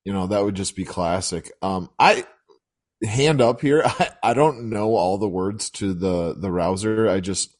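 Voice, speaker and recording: A man co-hosting a sports betting podcast, talking casually with many pauses and fillers. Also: on the low side. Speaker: podcast co-host.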